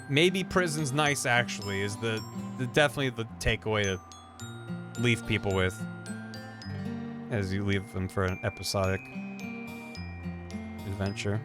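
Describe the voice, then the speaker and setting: A man streaming a video game, talking in an excitable, chatty way and laughing easily. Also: on the low side, moderate pace, long pauses. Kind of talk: live gameplay commentary. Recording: game music playing under voice. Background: video game music.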